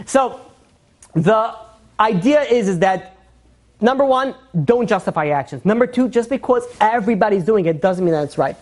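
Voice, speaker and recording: A rabbi leads a relaxed Torah class in a lively, joking manner. The man jumps into different voices to act out the people in his story, then drops back into his easy teaching tone. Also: sits high, moderate pace. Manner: animated and joking, acting out quotes in character.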